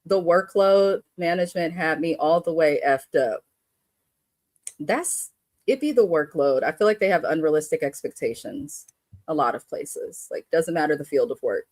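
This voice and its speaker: A woman's voice: deep voice, animated, moderate pace, a little mellow, dry recording. A woman hosting a casual live stream, talking bluntly and animatedly with frequent cursing and laughter. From Bay Area. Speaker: live show host.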